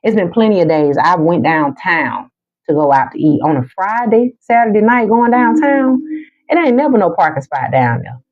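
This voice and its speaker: A woman reading spiritual cards on a livestream, talking to her chat in an emphatic, repetitive way that slows for calming affirmations. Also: on the low side. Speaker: spiritual card reader on a livestream. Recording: dull lo-fi sound.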